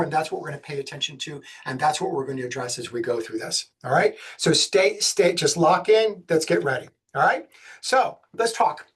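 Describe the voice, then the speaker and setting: A man from the States, giving a webinar presentation on special education law in a fast, energetic way with jokey asides. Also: high voice, slightly rough. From Southern United States.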